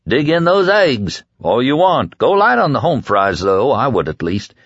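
A man voicing a friendly, folksy camp cook who talks with rough grammar, read from an audiobook. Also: mid-range voice, wildly swooping pitch, normal speed, a bit bright, dry recording, dull audio, pitched above the performer's own voice, heavily acted. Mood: welcoming.

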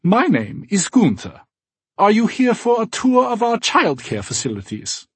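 A man's voice: high voice, wildly swooping pitch, unhurried, husky, no room sound, pitched above the performer's own voice, exaggerated voice. A man voicing a big, cheerful blond male AI guide with a slight German accent, polite and formal.

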